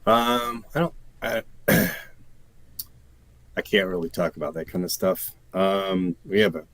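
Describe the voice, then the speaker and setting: A man's voice: low voice, a little slow, a bit bright, no room sound. A male game designer answering interview questions briefly and casually, often holding back details. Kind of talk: casual live-stream interview.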